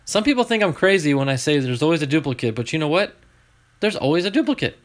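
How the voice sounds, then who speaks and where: A man hosting a casual card-opening stream, chatting to his viewers as he flips through each card. His pitch rises and falls a lot, and he gets excited over good pulls. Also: fast talker. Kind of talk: live card-opening chat.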